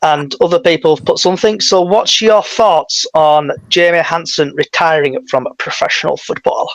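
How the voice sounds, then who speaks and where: A man's voice: on the high side, normal speed, fairly bright tone, poor audio. A man co-hosting a casual football fan podcast, leading the chat with questions. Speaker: podcast co-host.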